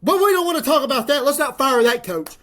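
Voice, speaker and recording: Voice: high voice, animated, quick pace, fairly bright tone. A college football commentator, ranting to the camera in a sarcastic, mocking, rambling way. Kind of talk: sports rant to camera.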